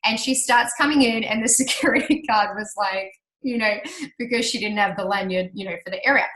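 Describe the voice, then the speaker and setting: A woman telling a personal story to an audience, chatty and animated, laughing often and acting out what people said. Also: medium pitch, a little fast. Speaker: speaker sharing her business success story. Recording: roomy hall reverb.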